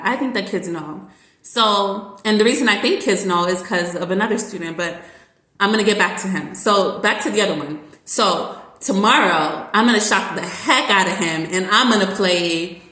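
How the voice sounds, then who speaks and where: A woman's voice: mid-range voice, normal speed. Chatty woman in a roomy echo. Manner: chatty, rambling, filler-heavy, lively. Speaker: teacher. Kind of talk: casual vlog monologue.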